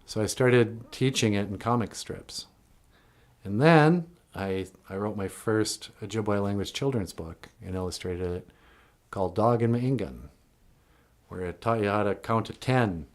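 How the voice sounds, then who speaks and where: A man's voice: lowish voice, darkish tone. A man, a cartoonist and puppeteer, telling a comic story in a folksy, digressive way.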